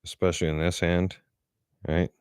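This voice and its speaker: Middle-aged male vlogger, very low voice, dry close sound, swears freely while recounting. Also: flat delivery, moderate pace, a little mellow, clean tone, dry recording. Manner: blunt, profane, angry storytelling. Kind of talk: casual storytelling.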